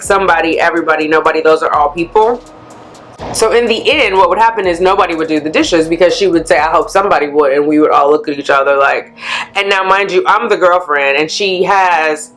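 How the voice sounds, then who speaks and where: Blunt woman vlogger ranting, lowish voice. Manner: blunt, animated ranting storyteller. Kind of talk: candid vlog chat.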